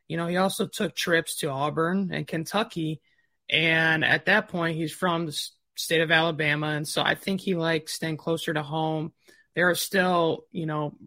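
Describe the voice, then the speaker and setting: Bright-voiced man in casual sports chat. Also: fairly high pitch, dry recording. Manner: loose, thinking aloud with fillers and restarts. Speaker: recruiting podcast co-host.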